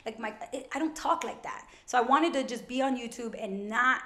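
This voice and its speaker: A woman around thirty from Brooklyn, a financial educator talking as a guest in a casual interview, loud, quick and animated. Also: fairly high pitch. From Brooklyn, New York. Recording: roomy echo.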